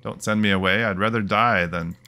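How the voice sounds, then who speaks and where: A man's voice: lowish voice, fairly even intonation, fairly quick, pushed and bright. A man voicing a devoted male satyr knight in a fantasy game, reading his lines earnestly. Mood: pleading.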